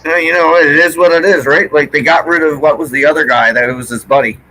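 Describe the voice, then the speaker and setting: A man's voice: a little high, fairly even intonation, quick pace, bright, forceful tone, slight background noise, poor audio. A middle-aged man with a Newfoundland accent, chatting casually and swearing freely. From Newfoundland, Canada. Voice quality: gravelly, swears a lot. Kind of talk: casual chat.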